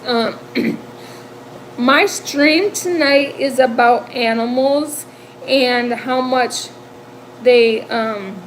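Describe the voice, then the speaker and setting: A woman in her fifties from the American Midwest hosts a livestream, chatting casually with her viewers. She's emotional and chatty, laughing often and repeating words, in a fairly high voice on a rough recording with a little hiss or hum.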